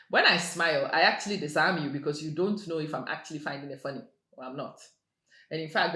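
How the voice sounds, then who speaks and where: A woman giving a motivational monologue in a measured, emphatic way, repeating her key phrases. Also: low voice, fairly bright tone. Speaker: motivational speaker. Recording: roomy echo with faint music.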